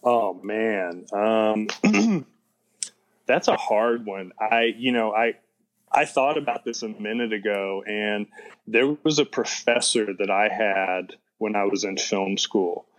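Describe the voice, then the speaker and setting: Rambling filmmaker man, fairly low voice. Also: animated, slow, rough recording. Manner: rambling, heavy on "you know". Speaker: filmmaker guest. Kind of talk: casual interview chat.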